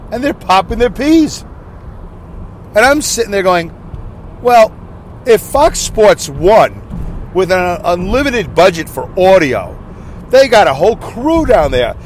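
A man hosting a casual solo podcast, rambling excitably and loudly with many asides, with faint noise behind him. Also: a little high. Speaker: podcast host. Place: in his car.

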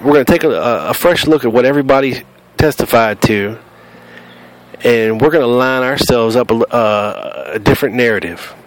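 A man's voice: mid-range voice, slight background noise. A man with a Southern US accent hosting a podcast, talking bluntly and combatively and cussing freely. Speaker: podcast host. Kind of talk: casual podcast monologue.

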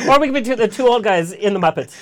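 A man's voice: high voice, animated, rapid-fire, very noisy. A man hosting a radio talk show, campy and sassy, firing off quips and laughing often. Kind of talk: campy comedic radio chat.

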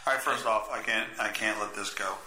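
A young man hosting a podcast, crude and teasing, talking loud in drunk casual banter and laughing often. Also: on the low side, steady tone, brisk, a little hiss or hum. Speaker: podcast host. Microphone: desk mic with screen. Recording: echoey room.

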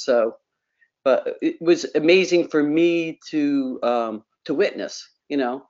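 Middle-aged woman, lively storyteller who repeats herself, lo-fi radio sound. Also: low voice. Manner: animated storyteller, repeats words, acts out quotes. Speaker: panel guest. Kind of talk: storytelling on a radio talk panel.

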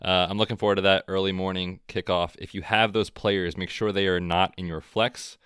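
Deep smooth guy co-hosting a sports podcast, laid back, dry close mic. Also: fairly quick, no room sound. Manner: relaxed, chatty, frequent fillers. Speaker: podcast co-host. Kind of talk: casual sports chat.

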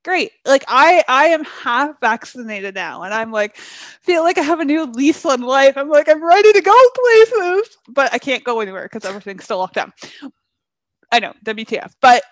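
A woman's voice: a little high, animated, normal speed, a bit bright, dry recording. Dry-miked, laughing young woman. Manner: laughs often, breezy, fact-checking tone. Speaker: podcast co-host. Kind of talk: casual chat.

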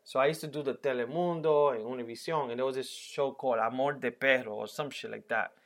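A man co-hosting a podcast in casual chat, with animated, profane banter that often breaks into laughter. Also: medium pitch, fast. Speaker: podcast co-host.

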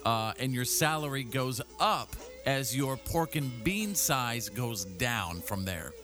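Joking radio host man, lively pitch. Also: slow, over music. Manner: playful, reads news items with jokey asides. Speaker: radio morning show host. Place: radio studio.

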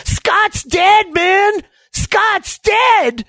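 A man's voice: fairly low pitch, expressive, brisk, slightly rough, no echo, voice pushed up. A man voicing a frantic young male castaway who is easygoing but scared, pleading urgently. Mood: panicked.

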